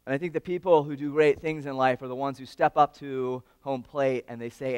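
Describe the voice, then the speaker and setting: A man giving a storytelling speech at an awards event, animated and swinging between loud and hushed moments, talking straight to the audience. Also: mid-range voice, fairly quick, few pauses, smooth, no echo. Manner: addresses the audience directly.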